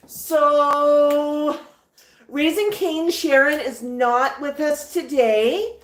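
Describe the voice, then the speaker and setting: A woman hosting a casual livestream, cooing and chatting gently to her pet parrots in between reading viewer comments. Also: high-pitched, far from the mic. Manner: coos and talks gently to her birds. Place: indoor room with pet parrots. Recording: very echoey room, voice away from mic, faint noise.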